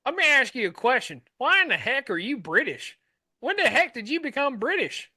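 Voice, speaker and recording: A man's voice: extremely high pitch, sing-song, moderate pace, sharp tone, no echo, voice pushed up, full character voice. A man improvising a proud southern country boy with a put-on Southern drawl, talking in a folksy, indignant, boastful way. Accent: put-on American Southern. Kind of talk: improv comedy sketch.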